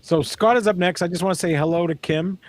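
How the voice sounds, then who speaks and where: A man's voice: high voice, fast talker, no echo. A man co-hosting a music podcast, hands out turns and teases his co-hosts in casual chat. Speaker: podcast co-host.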